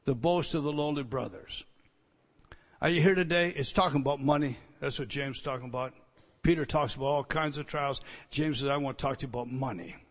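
A man preaching a sermon, swinging between loud emphatic teaching and quiet storytelling. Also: mid-range voice, fairly quick. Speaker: pastor. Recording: long reverb hall.

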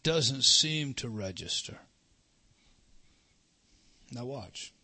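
Forceful, husky male preacher. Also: medium pitch, animated, drawn-out words. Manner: emphatic, swings from loud to hushed. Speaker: pastor. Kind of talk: sermon.

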